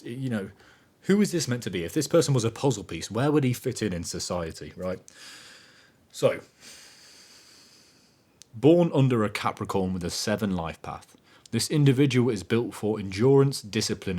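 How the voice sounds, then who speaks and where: A man hosting a podcast, talking in a casual motivational monologue that is animated and emphatic, swearing freely. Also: lowish voice. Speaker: podcast host.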